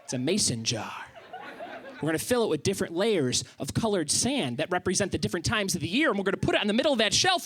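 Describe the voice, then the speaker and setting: A man's voice: high voice, sing-song, fast talker, a bit bright. A man doing stand-up on a comedy club stage, sarcastic and incredulous.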